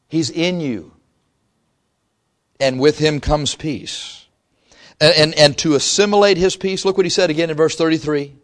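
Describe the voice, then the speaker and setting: A male pastor preaching a sermon in a conversational way, with frequent restarts and quotes he acts out. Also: fairly high pitch.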